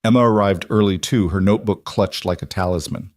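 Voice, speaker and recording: Male narrator, scripted story, low voice, dry close sound. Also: brisk, no echo.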